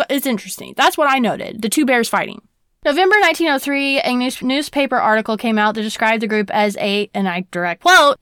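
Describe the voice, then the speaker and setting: A woman's voice: fairly high pitch, a bit bright, smooth, dry recording, clean studio sound. A young woman hosting a casual history talk, sassy and chatty, full of "like" and rhetorical questions. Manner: sassy, chatty, heavy use of "like". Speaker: podcast host.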